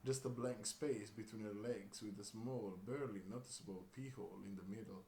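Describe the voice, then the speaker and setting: Male reader, lowish voice, jokey asides, echoey home room. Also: fairly even intonation, a little fast, darkish tone. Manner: laughs and breaks off with asides. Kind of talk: comedic reading of a crude story. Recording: roomy room with faint hiss.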